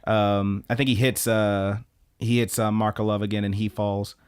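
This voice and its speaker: A man's voice: on the low side, little pitch movement, moderate pace, clear, resonant tone. A man co-hosting a podcast, casually retelling an anime episode with fillers and quoted lines. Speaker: podcast co-host. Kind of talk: casual chat recapping an anime.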